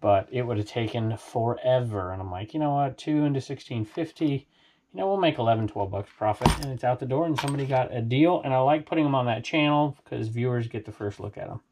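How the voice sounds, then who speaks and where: A man's voice: medium pitch, animated, a little fast, a little mellow, slight background noise. A man from Southern California, chatting casually to viewers as he shows items he resells. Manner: rambling, chatty, talks to viewers. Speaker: reseller vlogger. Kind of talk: casual chat.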